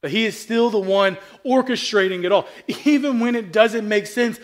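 High-voiced man preaching, conversational and emphatic. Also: normal speed. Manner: conversational, swings from quiet asides to loud emphatic peaks; repeats and restarts phrases, asks the crowd questions. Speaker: pastor. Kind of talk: sermon.

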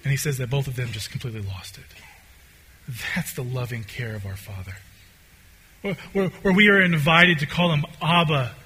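A man preaching a conversational sermon as a pastor, swinging between loud, excited stretches and quiet, hushed ones. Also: a little high, breathy edge.

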